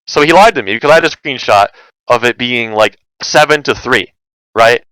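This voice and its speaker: Rambling man with a smooth, dry voice. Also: mid-range voice, animated, moderate pace, fairly bright tone, no room sound, rough recording. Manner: rambling, heavy use of "like" and "um" fillers, exasperated. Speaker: vlogger recounting online community drama. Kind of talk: casual rambling storytelling.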